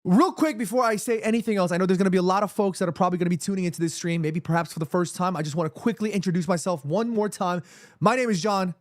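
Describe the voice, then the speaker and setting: An excitable man hosts a football watchalong from his room, speaking in a fairly high voice. He gets emphatic and repeats himself when his nerves kick in. The sound is dry and close, with no room echo. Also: rapid-fire. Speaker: streamer hosting a football watchalong. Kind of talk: excited livestream chat. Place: his room in New York City, indoors.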